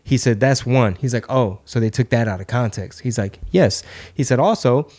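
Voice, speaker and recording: Podcast host, male, mid-pitched, loose storyteller who leans on quotes. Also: brisk, darkish tone. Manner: retells stories with many "he's like" quotes. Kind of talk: casual chat.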